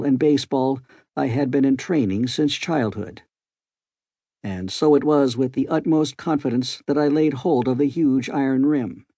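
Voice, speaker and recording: Husky, mellow male audiobook narrator. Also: mid-range voice, no room sound. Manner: measured, formal storytelling. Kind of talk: scripted narration.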